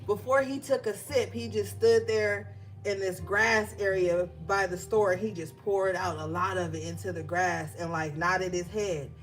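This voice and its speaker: A woman's voice: medium pitch, fairly even intonation, unhurried, soft background music. A woman giving a casual, emphatic tarot reading, talking straight to her viewers. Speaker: tarot reader.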